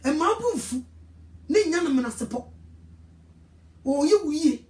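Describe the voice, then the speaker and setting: Ghanaian woman evangelist, high voice, scolding sermon, echoey room. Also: expressive, measured pace, darkish tone. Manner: scolding, emphatic preaching.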